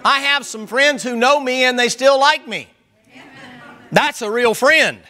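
High, bright-voiced preacher man. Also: a little slow, a faint crowd. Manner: loud, emphatic, hollering at times. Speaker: pastor. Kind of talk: sermon.

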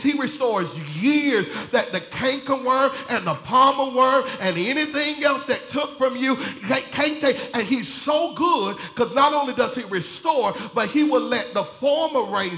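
A man preaching a sermon in a folksy style, laughing often and rising to shouted fervor. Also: extremely high pitch. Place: church sanctuary.

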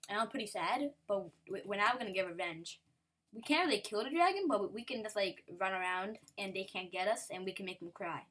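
A woman chats loosely over her gameplay in an easy, mid-pitched voice. She rambles and giggles as she goes. Now and then she slips into playful sing-song asides. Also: a little fast, few pauses, fairly bright tone. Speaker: gameplay commentator. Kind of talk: casual game commentary.

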